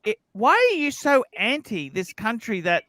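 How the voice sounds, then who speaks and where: A man with an Australian accent hosting a livestream debate, blunt and quick to swear. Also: sits high, big pitch swings, sharp tone, no echo. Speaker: livestream host. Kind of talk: heated casual debate.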